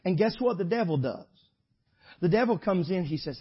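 A man preaching a sermon, shifting from loud exhortation to quiet storytelling. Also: high voice, expressive, moderate pace, slightly rough, highs cut off. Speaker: pastor.

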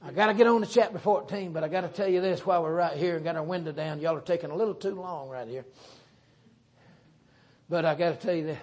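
A middle-aged man with a Southern US accent preaching a sermon in a folksy, joking, animated way. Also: on the high side, fast. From Southern United States.

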